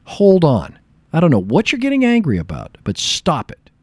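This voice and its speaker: Exasperated defensive wife, a bit higher, put on by a man retelling a story. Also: wildly swooping pitch, moderate pace, a little mellow, no echo.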